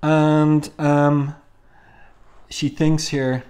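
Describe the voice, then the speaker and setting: A man's voice: fairly high pitch, flat delivery, drawn-out words, darkish tone. A man casually reviewing a comic book and reading panels aloud, musing with frequent ums and restarts.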